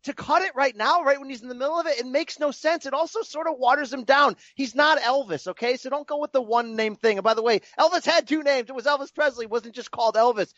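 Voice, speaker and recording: A man's voice: very high voice, quick pace, hardly any pauses, fairly bright tone, no echo. A man co-hosting a casual podcast, arguing emphatically with punchy, lecturing commands. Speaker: podcast co-host. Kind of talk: casual wrestling podcast chat. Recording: slightly dull, muffled mic.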